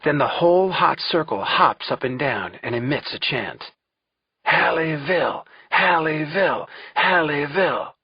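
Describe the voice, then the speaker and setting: Husky man narrating an audiobook. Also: medium pitch, no room sound, dull audio. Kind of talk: first-person audiobook narration.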